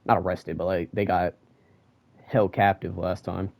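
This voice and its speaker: A young man giving a casual manga chapter review, ranting and excitable and full of slang. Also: sits low, measured pace, creaky.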